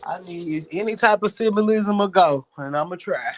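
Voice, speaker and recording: A streamer with a Southern US accent delivers a rambling, profane, reflective casual monologue. His voice sits high and moves at normal speed. The audio is poor, with slight background noise.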